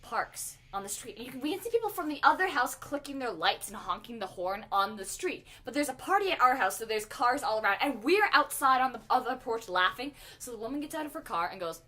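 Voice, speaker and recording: A woman co-hosting a podcast, telling a story in a casual, animated way with lots of laughter. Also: on the high side, a little fast, hardly any pauses. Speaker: podcast co-host.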